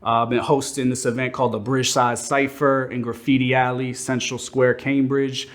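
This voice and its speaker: A man's voice: medium pitch, level tone, moderate pace. A man who is a hip hop artist and event host, speaking in a friendly promotional way.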